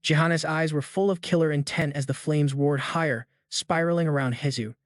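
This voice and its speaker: A man tells a comic recap in a brisk, slangy way. His voice sits a touch higher than most men's, recorded close and dry with no room sound. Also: fairly even intonation, dry recording. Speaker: recap narrator. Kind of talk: scripted recap narration.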